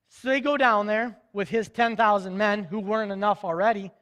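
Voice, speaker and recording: A man's voice: sits high, steady tone, fairly quick, few pauses, a bit bright, big-room sound. A man preaching a sermon, retelling a Bible story in casual, modern speech and acting out the characters' lines. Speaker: pastor.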